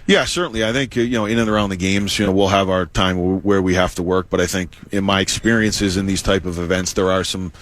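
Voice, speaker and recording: A man, a hockey head coach, giving measured interview answers with lots of "you know" and "uh". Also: low-pitched, fairly even intonation, fairly bright tone.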